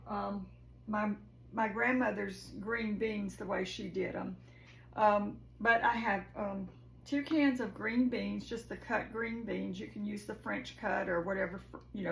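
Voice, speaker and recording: A woman with a slightly high, gravelly voice talks her viewers through her holiday cooking plans in a homey, chatty way. She is recorded in a home kitchen with a roomy echo and a faint hum of room noise behind her. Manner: homey and chatty, says "y'all". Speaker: cooking vlogger. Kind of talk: casual cooking chat.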